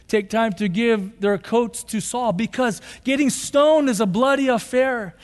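A pastor with a strikingly high voice delivers a sermon, swinging from quiet asides to fervent shouts. His words ring out with a long reverb from a large hall. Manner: passionate, rising to shouts when quoting scripture.

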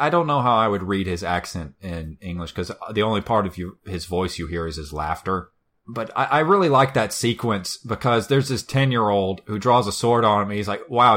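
Brief: low-pitched male host, casual and profane, wry retelling. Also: expressive, a little fast, fairly bright tone. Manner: swears a lot, wry storytelling. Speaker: podcast co-host. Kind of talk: casual chat.

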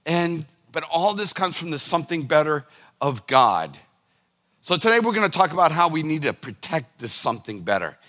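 Middle-aged pastor guy preaching, kinda high voice, bright and punchy, talks loose and restarts a lot. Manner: conversational, repeats words and restarts, asides to the congregation. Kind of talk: sermon.

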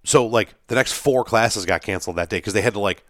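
Low-voiced man telling a wild story. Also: fairly quick, no echo, studio quality. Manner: animated storyteller, acts out quotes, swears freely. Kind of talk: casual podcast storytelling.

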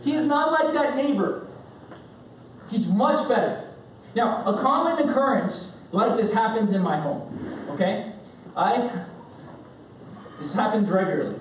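A man in his thirties preaching a sermon, telling family stories with lively, animated delivery and playful impressions of his kids. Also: high voice, a little slow, pauses often. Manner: animated storytelling, acting out his kids' shouts. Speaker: pastor. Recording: roomy, distant, dull sound with faint room noise.

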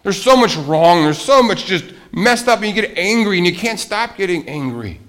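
A man preaching a sermon as a pastor, animated, with rhetorical questions and swings from loud emphasis to quiet asides. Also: sits high, normal speed.

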